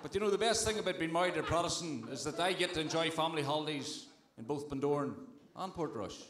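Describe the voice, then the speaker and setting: A man's voice: on the high side, fast. Northern Irish man doing stand-up. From Northern Ireland. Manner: deadpan storytelling, swearing, crowd work. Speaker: stand-up comedian. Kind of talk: stand-up comedy set. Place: comedy club stage. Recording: roomy live club with crowd.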